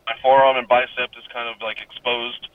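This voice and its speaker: A man's voice: medium pitch, flat delivery, brisk, crowd noise. A young adult man calling in to tell a personal ghost story, rambling and swearing casually, laughing often. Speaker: caller. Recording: muffled phone-line call with faint hiss.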